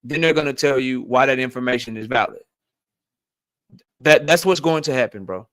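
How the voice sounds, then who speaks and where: A man's voice: medium pitch, moderate pace, a bit bright, no room sound. A middle-aged man hosting a channel, arguing his point insistently and with a lot of profanity in a heated debate. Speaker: channel host.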